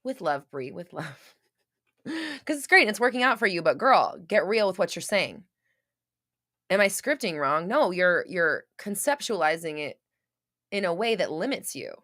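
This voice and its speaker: A woman's voice: mid-range voice, sing-song, moderate pace, pushed and bright, dry recording, studio quality. A woman hosting a live show, talking frankly with listeners, swearing often, full of fillers and restarts, and acting out little scenes. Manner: acts out little scenes in quoted voices. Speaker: podcast host answering listeners. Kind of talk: casual live chat.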